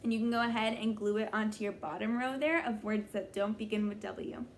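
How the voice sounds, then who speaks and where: A young woman teaching young children a phonics lesson, sounding out letters slowly and praising them often. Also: mid-range voice, fairly even intonation, slight background noise. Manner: slow, exaggerated sounding-out of letters; encouraging, praising. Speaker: kindergarten teacher.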